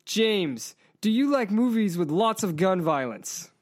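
Speaking at a measured pace in a high-sitting voice, this podcast host chats casually about films, animated and joking, with laughter mixed into his talk.

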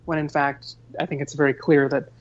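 A man's voice: on the high side, flat delivery, fairly quick, muffled recording. A man co-hosting a podcast, reviewing a film in a rambling, conversational way. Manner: rambling, conversational, frequent fillers.

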